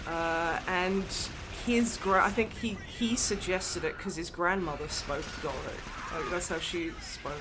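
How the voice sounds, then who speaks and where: A woman hosting a casual charity livestream, chatty and quick to laugh, with casual swearing. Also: lowish voice. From Australia. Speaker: livestream host. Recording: noisy livestream mic.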